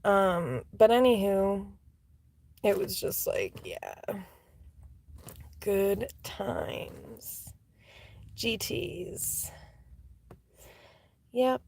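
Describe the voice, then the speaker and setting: A woman telling casual storytime anecdotes, chatty and full of "like" fillers, laughing and swearing, sometimes dropping to soft whispery asides. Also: mid-range voice, sing-song, very slow, vocal fry, pauses often.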